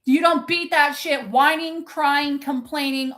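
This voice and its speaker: In a high, slightly bright voice, a motivational coach gives her viewers a live-streamed pep talk at a measured pace with few pauses. She is intense, impassioned and full of swearing, stopping to answer the chat.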